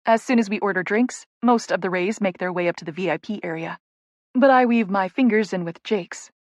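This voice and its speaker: A woman with a mid-pitched voice narrates a romance audiobook in the first person. She tells the story in a lively, conversational way. The recording is dry and close to the mic. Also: no echo.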